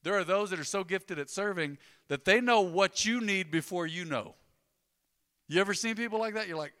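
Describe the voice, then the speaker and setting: A man, a pastor preaching a sermon in a conversational, joking way with animated storytelling. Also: high-pitched, normal speed, big-room sound.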